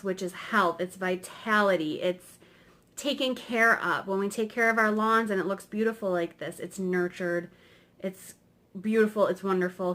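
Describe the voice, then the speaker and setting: In a slightly bright mid-range voice, a woman reading tarot gives a relaxed explanatory lesson about the cards. Her delivery is chatty and meandering, sprinkled with tag questions like "right?".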